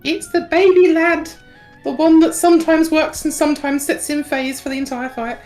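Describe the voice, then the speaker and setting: A woman's voice: sits high, steady tone, normal speed, darkish tone, faint music behind. A woman with a mixed Yorkshire and South African accent, co-casting a live game tournament, giggling and rambling as she loses her words. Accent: mix of Yorkshire and South African. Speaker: tournament co-caster.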